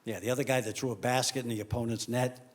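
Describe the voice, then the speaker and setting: A stand-up comedian telling jokes on stage, shifting between deadpan storytelling and loud punchlines. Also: male voice, mid-range voice, quick pace. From Italian heritage. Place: comedy stage before a live audience.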